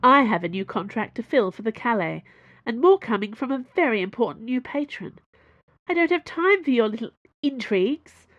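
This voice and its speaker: A woman's voice: a little high, animated, no echo, muffled recording, voice pushed up. A woman doing a scornful workshop owner. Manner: mocking, quick and sharp.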